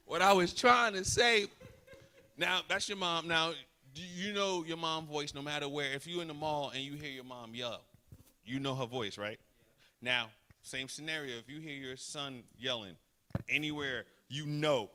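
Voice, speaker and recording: A male comedian working a live crowd, teasing and shouting one moment and hushed the next. His voice is bright and a little high. Faint clicks sit under the sound. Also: expressive, normal speed, long pauses, slight background noise. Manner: loud, teasing, swings from shouting to hushed asides. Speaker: stand-up comedian. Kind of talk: stand-up comedy with crowd work.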